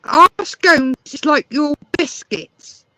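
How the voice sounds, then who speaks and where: A woman's voice: sits high, lively intonation, slow, bright, forceful tone, a little hiss or hum, poor audio. An English woman chatting casually, explaining things at length. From England. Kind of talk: casual chat.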